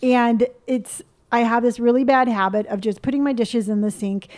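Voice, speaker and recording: A woman's voice: fairly high pitch, steady tone, moderate pace, darkish tone. A woman telling a story in casual chat, playful and often laughing.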